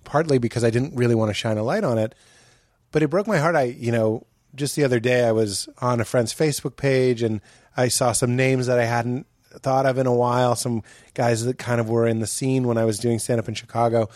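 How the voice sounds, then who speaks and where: A man's voice: medium pitch, fairly even intonation, brisk, a little mellow, dry recording, studio quality. Earnest, reflective male comedian guest. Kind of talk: casual podcast chat.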